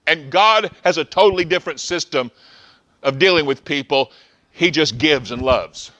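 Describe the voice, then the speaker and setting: A man preaching a sermon, excitable, often restarting phrases as he retells a story. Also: fairly high pitch, moderate pace, highs cut off. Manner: excitable, stumbling restarts, acts out scenes.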